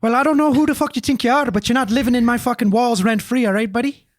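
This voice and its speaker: A man voicing a brash male talking mongoose with a put-on Irish brogue, gruff and blustering. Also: extremely high pitch, lively intonation, moderate pace, a bit bright, pitched above the performer's own voice.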